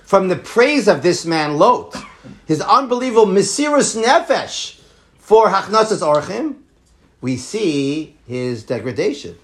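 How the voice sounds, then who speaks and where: A man leads a Torah lesson, his voice sitting a little high. He reads Hebrew lines aloud and then unpacks them, repeating words as he works through each idea. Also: measured pace. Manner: animated, repeats words, quotes Hebrew texts. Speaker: Torah teacher.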